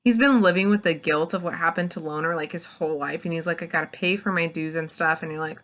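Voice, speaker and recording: A woman talks through a book review in a loose, chatty way, acting out bits of the plot as she goes. Her voice sits a little low yet has a bright, forward edge to it. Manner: chatty and animated, retells scenes in quick acted-out snippets, heavy "like". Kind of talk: casual spoiler book review.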